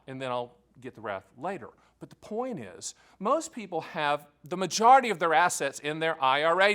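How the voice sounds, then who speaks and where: A man hosting a direct-to-camera explainer as an annuity agent, talking in an energetic, joking and emphatic way. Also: high voice. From American South. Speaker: annuity agent hosting his own channel.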